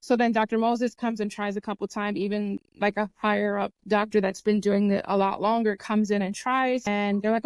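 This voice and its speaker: On a dry recording, a young podcast host with a clean, mid-range voice tells a personal story earnestly and casually. She brings it to life by performing what people said and mimicking sounds.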